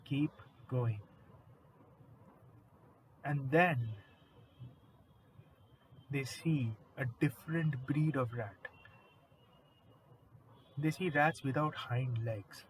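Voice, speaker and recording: A man casually retelling a horror story, animated and conversational, swearing now and then. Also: mid-range voice, slow, pauses often, slight background noise, low-quality recording.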